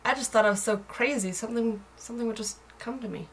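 A woman's voice: a little high, fast, a little hiss or hum. A young American woman chatting casually in a video blog, rambling and self-mocking, with giggles and voice dropping to murmurs. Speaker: vlogger.

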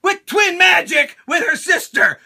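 High, bright, excitable husky man. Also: measured pace. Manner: excitable, profane, laughing often. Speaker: host. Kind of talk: casual chat.

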